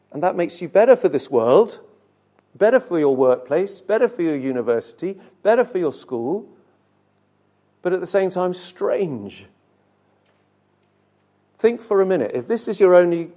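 Earnest preacher with a mellow voice. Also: male voice, a little high. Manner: earnest, direct address to congregation with rhetorical questions; occasional stumbles and repeated words. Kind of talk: sermon.

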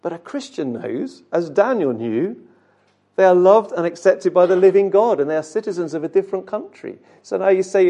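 A man's voice: sits high, animated, moderate pace, dark tone. A man preaching a sermon, speaking earnestly and directly to his listeners with rhetorical questions and occasional repeated words.

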